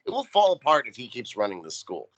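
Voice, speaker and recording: A man's voice: medium pitch, huge pitch swings, fast, fairly bright tone, no echo. A man co-hosting a podcast, giving a wry, profane play-by-play recap of a TV episode. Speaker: podcast co-host. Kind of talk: casual recap chat.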